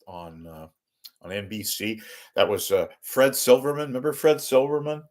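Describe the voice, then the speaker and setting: A man's voice: lowish voice, flat delivery, normal speed, darkish tone. Rambling, jokey man hosting a livestream. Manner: rambling and jokey, lots of fillers. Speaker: host. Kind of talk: casual ad-libbed livestream chat.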